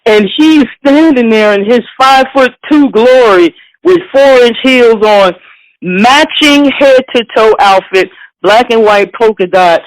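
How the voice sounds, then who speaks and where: A woman from Philadelphia, a bass player and interview guest, telling a lively anecdote. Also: measured pace, dry recording, poor audio. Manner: lively anecdote with voiced quotes. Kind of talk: animated storytelling.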